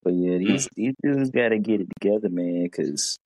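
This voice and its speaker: A man's voice: on the low side, dark tone, no echo, rough recording. A man co-hosting a casual sports podcast, blunt and profane in his takes. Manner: blunt, profane, quick reactions. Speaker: podcast co-host.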